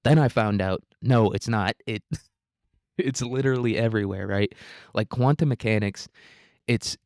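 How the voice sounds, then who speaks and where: Young male podcast host, low-pitched, dry close sound, profane, rambling and self-mocking. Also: no echo. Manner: profane, rambling, self-deprecating, says "dude" a lot. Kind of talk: casual solo podcast monologue.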